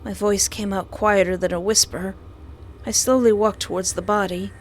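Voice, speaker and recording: A young woman playing through a visual novel, reading the narration aloud and reacting with dramatic, playful asides and shrill screams. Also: fairly even intonation, normal speed. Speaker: let's play host.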